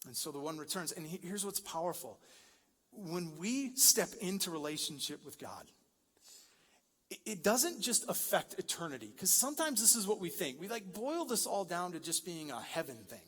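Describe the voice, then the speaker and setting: Very animated at a normal speed, this pastor has a high-pitched, slightly rough, a bit bright voice. His sermon in a large, reverberant church hall is chatty and humorous, mounting to emphatic peaks.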